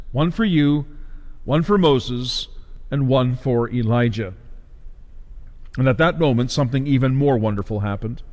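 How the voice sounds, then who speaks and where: A man preaching a sermon, emphatic and deliberate, posing questions to his listeners. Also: on the high side, big-room sound.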